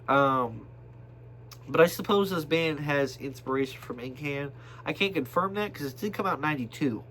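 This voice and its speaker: A man showing his album collection in a casual, rambling video monologue, full of fillers and bursts of excitement. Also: mid-range voice, moderate pace, a little hiss or hum.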